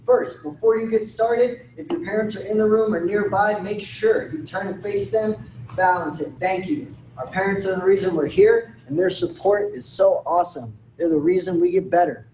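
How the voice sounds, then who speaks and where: A man who is a martial arts instructor leads an online taekwondo class, calling out commands, counting drills and giving sharp shouted yells. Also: high-pitched, normal speed, distant mic, a little hiss or hum. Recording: roomy sound from away from the mic.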